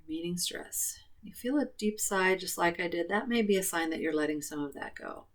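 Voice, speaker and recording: A woman coaching a guided tapping session, calmly repeating affirmations. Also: lowish voice, a little fast. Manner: calm, repetitive affirmation phrasing.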